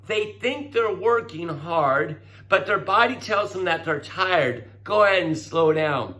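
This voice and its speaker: A middle-aged man giving a classroom lecture, coaxing and animated, acting out voices as he explains. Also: high-pitched, a little slow, hardly any pauses. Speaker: teacher.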